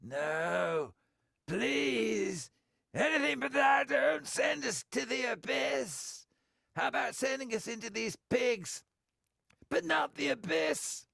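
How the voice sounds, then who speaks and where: A rasping, semi-human demon, put on by a male narrator, speaks in a gravelly, creaking voice. The words crawl out slowly and sneer, and the sound is dry and close with no room around it. It is a possessed creature in an audiobook. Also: expressive, a bit bright, dry recording, exaggerated voice. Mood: shrill pleading. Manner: slow and sneering, breaking into shrill pleading. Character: rasping male demon legion, cowering and wheedling. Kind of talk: audiobook character voice.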